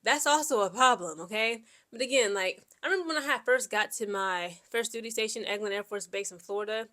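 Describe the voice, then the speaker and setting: A chatty woman from Central Ohio tells personal stories to the camera. She rambles, scatters "like" and "okay?" through her talk, and acts out both sides of conversations, all at an ordinary, middle pitch. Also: a little fast. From Central Ohio, USA. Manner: quotes people in lively back-and-forth. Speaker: Air Force veteran vlogger. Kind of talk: casual personal storytelling.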